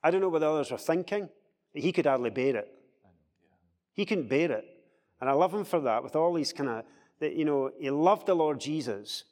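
Animated man leading Bible study in a reverberant hall. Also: on the high side, normal speed. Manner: animated, acts out quoted speech in a raised voice.

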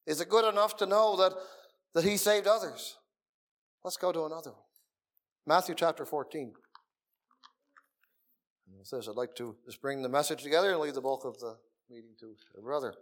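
A middle-aged man preaching a sermon in a meeting room, earnest, dropping to soft murmurs and rising again for emphasis. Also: on the high side, normal speed, long pauses.

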